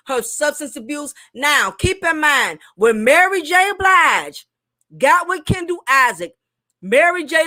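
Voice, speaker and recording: A woman with a high, bright, forceful voice hosts a casual commentary monologue, emphatic and opinionated, repeating herself often. Her speech sounds a little thick from recent dental work.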